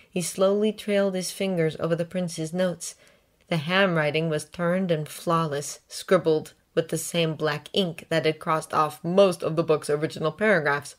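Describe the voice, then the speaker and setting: Low-voiced woman narrating a story. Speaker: audiobook reader. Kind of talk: scripted narration of a fan story.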